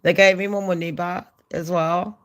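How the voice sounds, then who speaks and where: A woman's voice: fairly low pitch, fairly even intonation, moderate pace, smooth. A middle-aged woman with a nasal voice, hosting a gossip vlog in a brash, sweary, chatty way. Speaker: gossip channel host.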